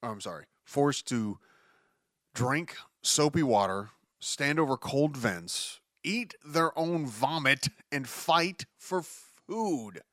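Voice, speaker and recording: A man reads news on his solo podcast and rants about it, profane and exasperated, frequently starting his sentences over. His mid-range voice is sing-song, slow and slightly bright, captured in a dry studio-quality recording. It's casual news commentary.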